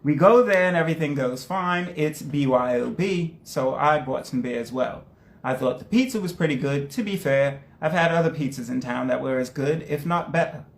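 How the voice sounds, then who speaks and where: A man co-hosting a casual podcast, reading posts aloud in a steady, playful way. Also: a little high, normal speed, gravelly. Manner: playful, reads steadily then jokes. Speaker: podcast co-host. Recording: roomy echo.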